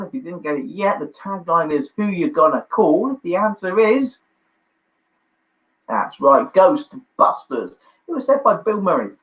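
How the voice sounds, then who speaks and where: A man hosting a livestreamed pub quiz from home, chatty and jokey, reading out answers with quick asides. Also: on the high side, bright, forceful tone. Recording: dull lo-fi livestream audio.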